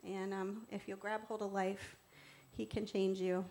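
A woman giving a personal faith testimony as a church co-founder. She tells the story earnestly, moving between hushed reverence and lively warmth as she talks through her slides. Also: medium pitch, measured pace.

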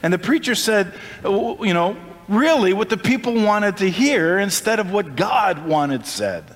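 A pastor delivers his sermon with real fervor, his fairly high voice climbing as he presses each point. The words ring out into a church hall with a long, lingering reverb behind them. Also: sing-song, unhurried. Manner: impassioned, rising pitch on emphasis.

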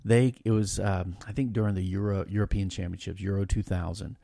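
A man talking as a podcast guest, telling stories in a rambling, animated way with lots of restarts. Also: low voice, brisk, gravelly, dry recording, studio quality. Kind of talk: casual storytelling chat.

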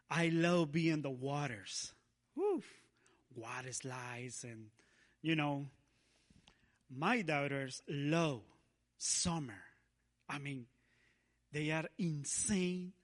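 A man preaching a sermon as a guest in a church, speaking haltingly with frequent restarts and laughs. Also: fairly high pitch, fairly bright tone.

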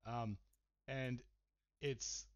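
A man's voice: medium pitch, steady tone, extremely slow. Swearing, rambling male podcast host. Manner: profane, rambling storytelling with many fillers. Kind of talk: casual chat. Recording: slightly dull, muffled sound.

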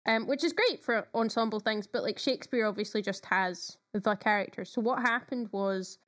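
A woman's voice: mid-range voice, normal speed, fairly bright tone. A woman co-hosting a podcast in casual chat, talking with enthusiasm and lots of fillers. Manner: chatty, enthusiastic, frequent fillers. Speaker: podcast co-host.

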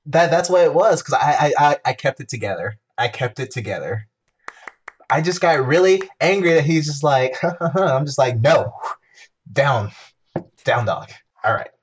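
A man's voice: a little high, expressive, moderate pace, slightly rough, lo-fi sound. A man co-hosting a podcast, chatting casually and telling rambling stories with lots of restarts. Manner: rambling storyteller with many restarts. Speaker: podcast co-host. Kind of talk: casual chat.

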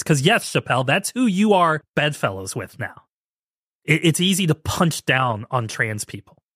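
Male podcast host, mid pitch, sarcastic ranting commentary, dead dry booth sound. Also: fairly bright tone, no room sound. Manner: sarcastic, mocking impressions of others. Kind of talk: casual commentary.

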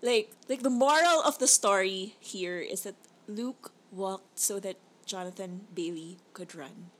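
A woman's voice: medium pitch, measured pace, a bit bright, a little hiss or hum. Rambling, hesitant woman co-host. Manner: rambling, hesitant, full of fillers. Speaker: podcast co-host. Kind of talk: casual chat reviewing movies.

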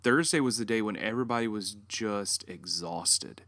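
Casting note: male podcast co-host, 30s-40s, lowish voice, storyteller, dry close mic. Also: normal speed, pushed and bright, dry recording. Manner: storytelling, acts out his own past lines with rising pitch. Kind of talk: casual podcast conversation.

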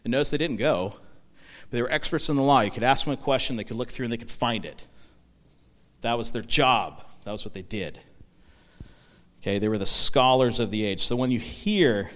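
A man's voice: mid-range voice, brisk, long pauses, a bit bright. A man preaching a sermon in a conversational way, with many rhetorical questions and some false starts. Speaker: pastor. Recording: long echo of a large hall.

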